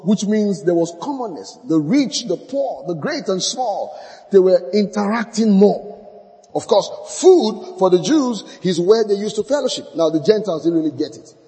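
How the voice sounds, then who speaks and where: A man's voice: high-pitched, warm tone, long reverb tail, poor audio. A man preaching a sermon with emphasis, repeating key phrases and acting out short dialogues with church members.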